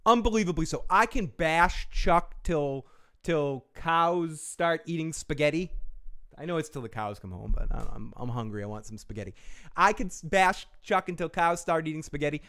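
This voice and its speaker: A man hosting a podcast review livestream, rambling and excitable, swearing casually and answering chat comments. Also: a little high, moderate pace, no room sound, studio quality. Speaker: podcast host reviewing a TV episode.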